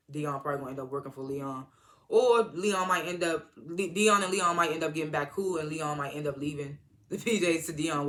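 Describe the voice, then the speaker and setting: A man with a slightly high, bright, forceful voice recaps a TV episode as a reviewer. His retelling is casual, rambling and full of slang, and he acts out the quotes.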